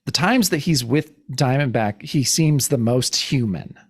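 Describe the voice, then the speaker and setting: A man's voice: mid-range voice, expressive, unhurried, husky. A man co-hosting a podcast, chatting casually about comics, laid-back, swearing and laughing easily. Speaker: podcast co-host.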